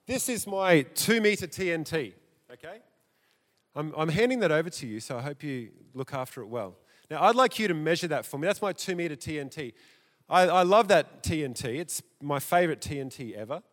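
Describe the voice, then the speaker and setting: A man preaching a sermon in a church, theatrical and animated, his loudness rising and dropping. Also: fairly high pitch, a little fast. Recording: echoey church hall.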